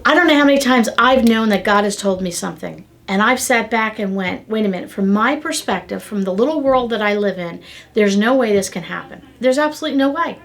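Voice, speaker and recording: A middle-aged woman hosting a devotional podcast. She teaches in an animated, excited way and acts out little dialogues with God. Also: mid-range voice, fairly quick, vocal fry. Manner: excitable, talks with her hands.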